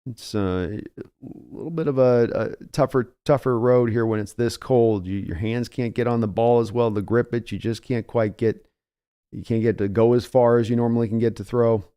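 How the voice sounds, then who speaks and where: A man in his early morning voice calls a game play by play like a fan. His tone is smooth and resonant, sitting at an ordinary pitch. He stays chatty between snaps and lifts when a runner breaks loose. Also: steady tone, normal speed, warm tone. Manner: conversational, climbs in pitch and energy on big plays. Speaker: live reaction host.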